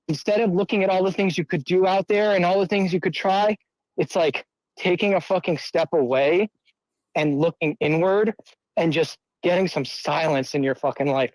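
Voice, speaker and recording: A man's voice: on the high side, a little mellow, no echo, low-quality recording. A man speaking up in a live audio room through earbuds, talking in a reflective way and swearing for emphasis. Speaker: guest speaker.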